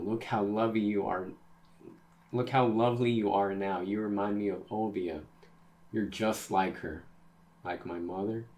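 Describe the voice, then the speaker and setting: A man reading the lines of a jovial, fatherly old giant aloud from a comic, in a soft, fond delivery. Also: lowish voice, lightly acted.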